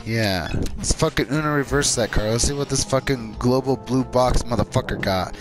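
A man hurls a steady stream of profane insults at the computer players during a card game. His voice sits at an ordinary pitch, and clearly audible game music runs underneath the whole time. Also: moderate pace, rough recording. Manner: profane, angry trash-talking at the game. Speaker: gamer playing online card game. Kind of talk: gameplay chat. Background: game soundtrack music.

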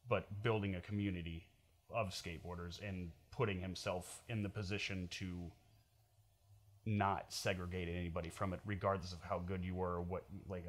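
A man in an interview, speaking sincerely and admiringly about a friend. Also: low voice. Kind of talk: heartfelt documentary interview.

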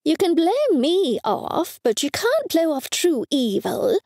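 A woman's voice: high-pitched, very animated, measured pace, creaky, dark tone, no room sound, studio quality, voice pushed up, heavily acted. A woman voicing a fussy, superstitious older mother who scolds her daughter in a raised, insistent voice. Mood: scolding.

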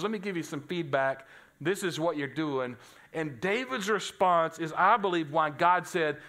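A man preaching a sermon with a bright, forceful voice that sits a little high for a man. As a pastor, he tells a story and slips into the voices of the people he quotes.

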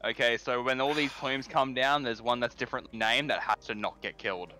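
A man's voice: mid-range voice, fairly even intonation, brisk, sharp tone. A man co-hosting a gaming channel, chatting casually and swearing now and then while he plays. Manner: laid-back, swears casually.

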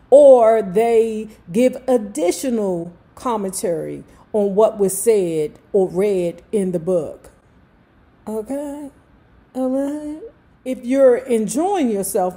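A woman's voice: a little high, warm tone. A woman in her fifties from Washington, D.C., with a thick D.C. accent, hosting a book club. She reads aloud and breaks off into chatty, joking asides. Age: 50s. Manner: slow, drawling, chatty, jokey. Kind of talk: casual reading with chatty asides.

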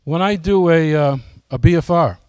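A man's voice: on the high side, normal speed, darkish tone, smooth, dry recording. A man giving a casual, folksy presentation to his flying club, often asking the audience questions.

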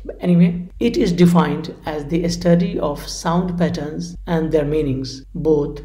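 A woman's voice: low-pitched, measured pace, warm tone, slight background noise. A woman lecturing on phonology, explaining patiently and repeating each definition and example. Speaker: English language teacher. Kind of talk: recorded classroom lecture. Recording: echoey room.

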